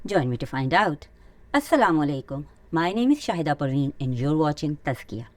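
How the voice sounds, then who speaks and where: A woman hosting an Islamic teaching channel, reading a scripted lesson in an earnest, measured way. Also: low-pitched, big pitch swings, darkish tone, no room sound. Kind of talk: scripted religious teaching narration.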